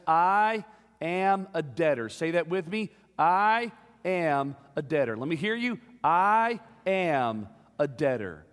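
A man preaching a sermon in rhythmic call-and-response, building to shouts. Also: high voice. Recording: long hall reverb.

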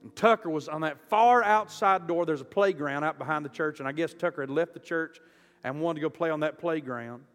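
A man preaching a storytelling sermon, impassioned and surging from quiet to loud. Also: on the high side, a little fast. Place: church auditorium. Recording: reverberant hall with soft music.

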